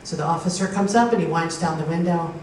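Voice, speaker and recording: A woman from Pennsylvania performs a stand-up set with a slightly low voice, acting out the people in her stories and laughing along at her own punchlines. She is recorded from a distance in a very echoey hall, with faint noise behind her. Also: quick pace, a little mellow. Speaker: stand-up comedian. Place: live comedy show with an audience.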